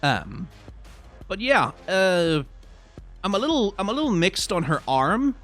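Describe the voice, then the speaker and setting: A man's voice: high voice, very animated, a little slow, fairly bright tone, soft background music. A man giving casual live-stream commentary on game card art, rambling with many restarts, frank and self-deprecating.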